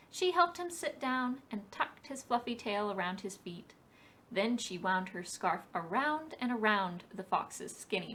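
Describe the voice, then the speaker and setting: Recorded from a distance, a woman with a fairly high pitch reads a picture book at a library storytime for preschoolers, her delivery slow and expressive like a storybook.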